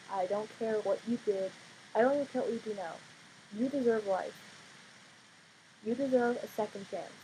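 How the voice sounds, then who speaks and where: A young woman in her teens vlogging casually at home late at night, sleepy and quiet, rambling with fillers and blunt outbursts. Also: medium pitch, a little hiss or hum, poor audio. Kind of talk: casual vlog monologue.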